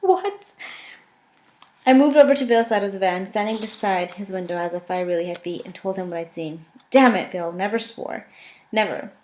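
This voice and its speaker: A woman's voice: mid-range voice, steady tone, fast, few pauses, a little mellow. A woman reading a first-person novel aloud in a casual, unpolished way, correcting her own slips as she goes. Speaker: audiobook reader.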